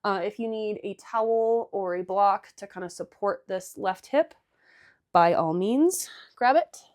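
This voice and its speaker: A woman's voice: mid-range voice, a little slow, darkish tone, dry recording, studio quality. A woman leading a casual guided stretching class, chatty and irreverent with joking asides. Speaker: yoga and stretching instructor.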